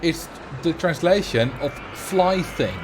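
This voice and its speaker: A man's voice: on the high side, lively intonation, slow, background noise. Chatty Dutch man streaming a game. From Netherlands. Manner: chatty, laughs often, jokes about words. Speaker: livestreamer. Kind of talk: casual gameplay commentary.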